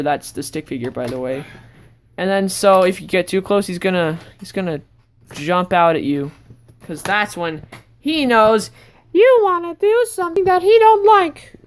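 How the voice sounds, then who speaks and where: A woman vlogger giving a casual, rambling tour of her sketchbook, breaking into sudden excited outbursts. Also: lowish voice, moderate pace, slight background noise.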